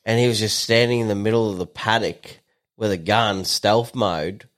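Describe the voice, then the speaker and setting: A man's voice: lowish voice, normal speed, a bit bright. An Australian man co-hosting a podcast, rambling and grumbling with plenty of swearing. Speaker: podcast co-host. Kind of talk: casual chat.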